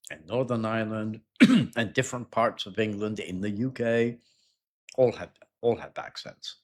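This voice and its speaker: A man with a fairly low voice teaches an exam-prep lesson, explaining things in a loose, conversational way. He clears his throat often and tends to repeat words.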